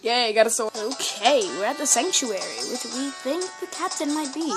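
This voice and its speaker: A woman giving casual, excitable commentary while playing a video game, with frequent gasping exclamations. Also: a little high, moderate pace, few pauses. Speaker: gameplay video host. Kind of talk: casual let's-play commentary. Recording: loud game music underneath.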